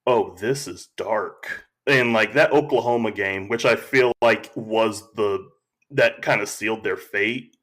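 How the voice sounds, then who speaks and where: A man talking as a podcast guest, telling stories in a slow, reflective way and acting out quotes. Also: fairly low pitch, a bit bright. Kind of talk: casual conversation.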